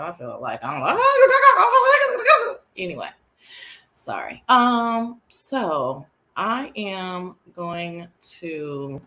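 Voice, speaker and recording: A woman hosts her own live chat show, talking casually in a sassy, slangy and excitable way, with bursts of shrieking laughter. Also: fairly low pitch.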